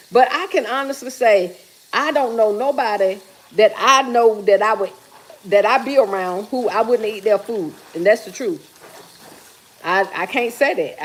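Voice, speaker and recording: A woman's voice: fairly high pitch, breathy edge. A middle-aged woman hosting a casual live stream from her kitchen while cooking, reading viewer comments aloud and teasing them in an easygoing talky way. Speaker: livestream host.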